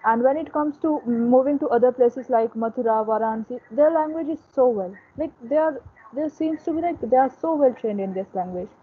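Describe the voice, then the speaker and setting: A woman's voice: high voice, a little fast, husky. A Hindi-speaking woman from Uttar Pradesh with an Indian accent, earnestly explaining her views step by step over a video call. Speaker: English learner in group discussion. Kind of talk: casual discussion. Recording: tinny phone-like call audio.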